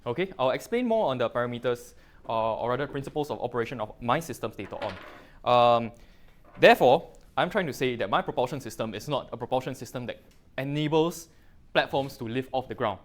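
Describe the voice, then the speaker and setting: A middle-aged man with a Singaporean English accent presents a technical talk to a room. He speaks loosely, with frequent fillers and local particles, in a mid-range pitch. His delivery sounds like a relaxed guest lecture. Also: a little fast.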